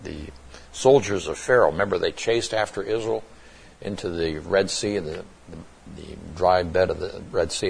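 A man with a very low, husky voice teaches through a scripture passage. He explains word meanings step by step, restarting phrases and stressing key points as he goes. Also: darkish tone. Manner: explanatory, with frequent restarts and emphatic asides. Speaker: Bible teacher. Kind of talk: expository Bible teaching.

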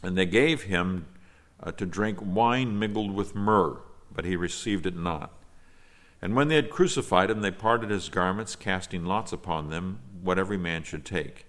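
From the pulpit, a pastor with a very deep yet fairly bright voice reads a lengthy scripture passage in archaic language. He then explains it earnestly and deliberately, dropping an occasional "uh" when speaking off the cuff.

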